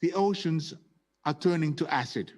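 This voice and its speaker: A man who is a head of state giving a solemn, deliberate formal speech. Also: a little high, darkish tone.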